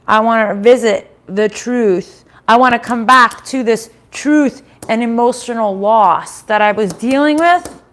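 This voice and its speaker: A woman's voice: on the high side, measured pace, a bit bright. A middle-aged woman giving a casual live-stream tarot reading from home, chatty, swearing now and then and laughing often.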